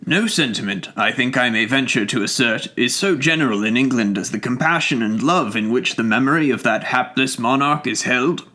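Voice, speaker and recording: Storybook part: a man doing a cautious, loyal old English gentleman, formal and quietly astonished, medium pitch. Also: animated, normal speed, hardly any pauses. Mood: reverent. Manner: earnest, formal, faintly astonished. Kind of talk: audiobook character reading.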